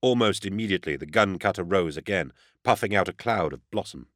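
A man reads a first-person audiobook in a steady, even manner. His voice sits low, and the recording is dry and close with no room sound. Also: fairly quick, no echo. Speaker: audiobook narrator.

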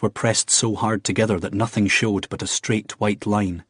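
A man narrating a novel in a steady, even storytelling manner. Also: on the low side, moderate pace, few pauses, husky, dry recording, studio quality. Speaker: audiobook narrator. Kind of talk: scripted narration.

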